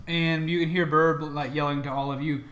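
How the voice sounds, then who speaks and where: A man's voice: on the high side, flat delivery, moderate pace, fairly bright tone, echoey room. A man narrating a tabletop game as dungeon master, in a loose, chatty way with plenty of ums and laughs.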